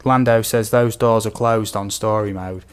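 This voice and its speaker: A man's voice: lowish voice, steady tone, moderate pace, clear, resonant tone. A young British man chatting casually on a game stream, reading out viewer questions with lots of ums and asides. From United Kingdom. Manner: rambling, reads out viewer comments with many ums. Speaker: gaming streamer. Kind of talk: casual live-stream chat.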